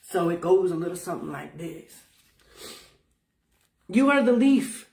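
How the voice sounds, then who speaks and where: A woman's voice: fairly low pitch, lively intonation, a little slow, vocal fry, a little mellow, recorded from a distance. A woman teaching spiritual wellness in casual talk, folksy and emphatic, swearing freely. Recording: roomy sound from off-mic.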